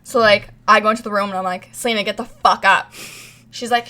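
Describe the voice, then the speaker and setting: A young woman co-hosts a laid-back podcast, speaking at a medium pitch and a fairly quick clip. She tells a story with lots of energy, curses freely, and performs everyone's lines herself.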